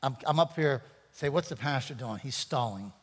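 A pastor preaches a sermon in a church sanctuary, his medium-pitched voice expressive and moderately paced. He's playful and rambling, joking with the congregation between points, and the recording carries church hall reverb.

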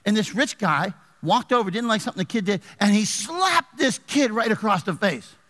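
A man preaching in a high, lively voice that swoops up and down. He keeps firing questions at the congregation and reads scripture aloud. His voice rings out in a church with a long echo. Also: moderate pace. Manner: animated preaching with call-and-response questions to the congregation. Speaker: pastor. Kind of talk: sermon. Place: church sanctuary.

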